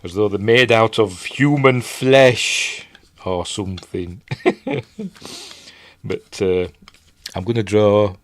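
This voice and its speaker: A man's voice: fairly low pitch, slow, long pauses. A middle-aged man with a Yorkshire accent hosts a live movie show in rambling, self-mocking casual chat, talking into a desk mic. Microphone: desk mic, level being adjusted.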